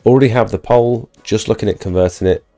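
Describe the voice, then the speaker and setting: A man's voice: on the low side, fast talker, mellow, soft background music. A man hosting a live stream, chatting casually as he answers viewer questions while getting over an illness and losing his voice. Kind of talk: casual live Q&A about pressure washing.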